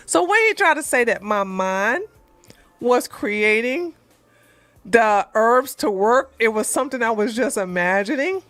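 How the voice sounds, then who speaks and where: A woman's voice: fairly high pitch, big pitch swings, takes it slowly, long pauses, a bit bright. A woman hosting an advice channel, telling a story to her viewers bluntly and animatedly, repeating herself for emphasis. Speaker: relationship advice channel host.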